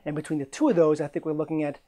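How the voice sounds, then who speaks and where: A man presenting a local weather forecast in a chatty, jokey way with lively swings in emphasis. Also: racing. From Central New York. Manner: chatty, jokey, energetic delivery with pitch swings. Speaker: meteorologist.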